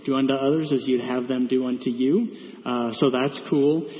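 A man's voice: mid-range voice, steady tone, normal speed. A man giving a conversational sermon in a church, with many fillers and asides. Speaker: preacher. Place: church sanctuary. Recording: echoey church hall, dull sound.

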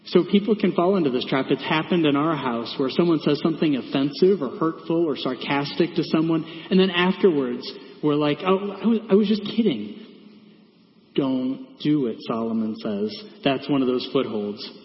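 A man's voice: fairly high pitch, moderate pace, hardly any pauses. A man giving a conversational sermon in a church, with many fillers and asides. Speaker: preacher. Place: church sanctuary. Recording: echoey church hall, dull sound.

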